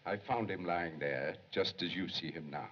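Brief: careful house servant, low and husky, muffled old film sound. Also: male voice, moderate pace, a bit bright. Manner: respectful, careful. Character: dutiful, respectful male household servant. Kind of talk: 1930s film acting. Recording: dull 1930s film soundtrack.

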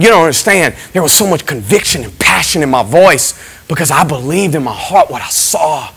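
Here a middle-aged pastor gives a fervent church testimony, shifting from quiet emphasis up to shouts. He speaks a bit high and rather quickly, with lively intonation and a breathy edge, over poor audio.

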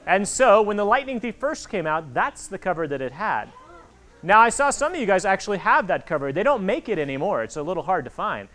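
A man in his forties giving an animated talk to children at a library, acting out the voices in his stories. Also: high-pitched, fairly quick. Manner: animated storytelling, acts out quoted voices. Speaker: author speaking to kids. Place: public library hall. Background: audience of children.

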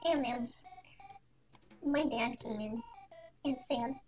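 Soft quiet woman, high voice, slow deadpan storytime parody, little music behind. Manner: deadpan, absurd mock-serious storytelling. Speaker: storytime animator. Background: faint music.

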